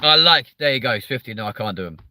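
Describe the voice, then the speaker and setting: A man from southern England rambles on a live show, swearing and teasing himself as he talks with viewers. His mid-range voice is expressive and sharp, he speaks at a quick pace, and the recording is dry.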